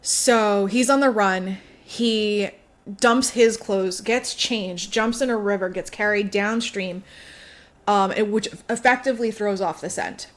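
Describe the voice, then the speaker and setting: A woman co-hosting a casual podcast, talking through a story's plot in a loose, chatty way. She swears freely and throws herself into quick voicings of the characters. Her voice sits at a middle pitch. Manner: chatty, swearing, acts out characters' lines with big jumps in pitch. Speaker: podcast co-host. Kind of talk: casual chat, retelling a book plot.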